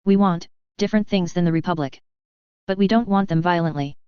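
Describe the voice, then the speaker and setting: A woman voicing a terse, masked young woman who speaks in stilted, halting phrases, read as a fan fiction audiobook. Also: on the low side, clean tone, dry recording, dull audio, natural voice. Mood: calm, measured.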